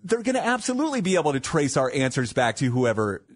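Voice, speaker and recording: A man's voice: on the high side, sing-song, quick pace. A man hosting a radio morning show, talking casually with jokes and rambling asides. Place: radio studio.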